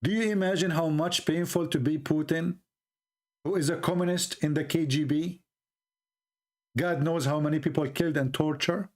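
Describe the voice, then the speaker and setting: A man's voice: fairly high pitch, steady tone, normal speed. Sarcastic man with a Middle Eastern accent. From Middle East. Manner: mocking, sarcastic, broken English. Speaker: show host. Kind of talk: sarcastic livestream monologue.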